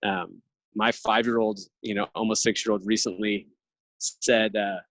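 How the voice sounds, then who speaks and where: A man's voice: lowish voice, fairly even intonation, measured pace, a bit bright, dry recording, poor audio. A man in his thirties, a podcast guest, talking earnestly and reflectively in long thoughtful runs. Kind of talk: casual conversational interview.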